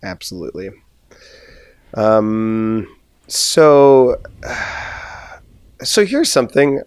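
A man's voice: fairly low pitch, very animated, drawn-out words, a little mellow, smooth, dry recording. A man co-hosting a podcast in casual chat, rambling and laughing often, his voice a little strained. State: slightly strained voice. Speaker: podcast co-host.

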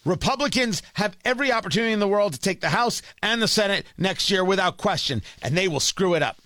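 Exasperated, animated political commentator man. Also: high-pitched, quick pace, no echo, clean studio sound. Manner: exasperated, scolding, emphatic.

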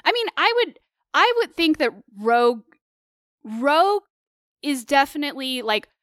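A woman co-hosting a casual film discussion, animated and opinionated with quick asides. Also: sits high, no echo, clean studio sound. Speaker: co-host of a film discussion show. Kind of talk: casual film commentary chat.

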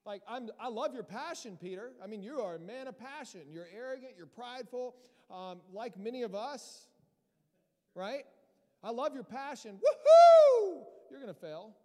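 High-voiced preaching man in a reverberant hall. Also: moderate pace. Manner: lively preaching, rising to loud emphatic peaks. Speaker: pastor. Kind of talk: sermon. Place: church hall.

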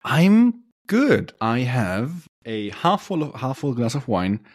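A man's voice: medium pitch, lively intonation, unhurried, dry recording, studio quality. A man co-hosting a podcast in casual chat, chatty and laughing often, with frequent restarts. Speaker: podcast co-host.

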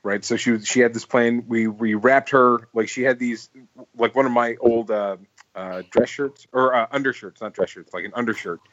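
A man's voice: mid-range voice, steady tone, normal speed, a bit bright, dry recording. Rambling man telling stories, dull dry sound. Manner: rambling, full of "like" and restarts, laughs while telling stories. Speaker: podcast host. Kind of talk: casual storytelling chat.

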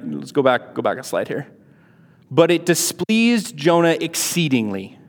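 Man teaching in a reverberant hall. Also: medium pitch. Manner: conversational, rhetorical questions, many fillers. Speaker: Bible teacher. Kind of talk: casual Bible lesson with reading aloud.

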